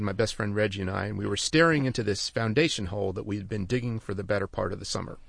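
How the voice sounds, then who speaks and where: An older man tells a story on the radio with wry, dry humor. His voice is gravelly, and it sounds close and dry. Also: fairly low pitch, dry recording. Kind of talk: personal storytelling.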